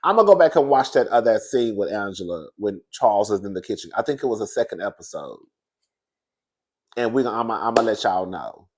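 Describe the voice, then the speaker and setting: A man hosting sassy celebrity gossip commentary, laughing often and swinging between high excited squeals and hushed whispers. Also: brisk. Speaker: commentary host.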